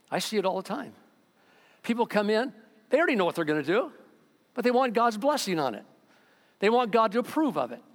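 A male pastor preaching a sermon to his congregation, animated and mocking, acting out the voices of the people he talks about. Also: high-pitched, long reverb tail. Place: church sanctuary.

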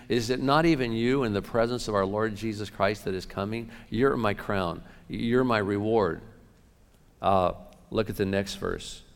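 A man preaching a sermon as pastor, animated, shifting between loud outbursts and hushed asides. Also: fairly low pitch. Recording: long reverb of a large hall.

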